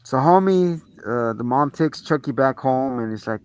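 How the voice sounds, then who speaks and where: A man's voice: medium pitch, moderate pace, hardly any pauses, clear, resonant tone, no room sound. A man co-hosting a movie review show, retelling the plot in casual chat with lots of swearing and acted-out lines. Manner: animated retelling full of swearing, acts out the characters.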